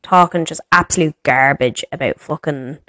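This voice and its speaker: A woman's voice: sits low, moderate pace, pushed and bright, no room sound. A woman in her thirties with an Irish accent, co-hosting a podcast and ranting in an exasperated, sweary way. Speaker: podcast co-host. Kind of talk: casual chat.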